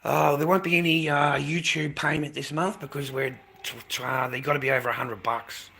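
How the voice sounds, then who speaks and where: A man's voice: on the high side, steady tone, fairly quick, creaky, sharp tone, husky. A middle-aged man, livestreaming and chatting bluntly with viewers, swearing freely. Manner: swearing, aggressive, blunt, calls people mate. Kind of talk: casual livestream chat with viewers.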